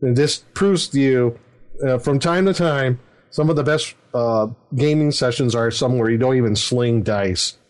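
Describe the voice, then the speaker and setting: A middle-aged man who works as a dungeon master and podcast host tells a story in casual chat, rambling along with fillers and chuckles. His voice is mid-range and unhurried.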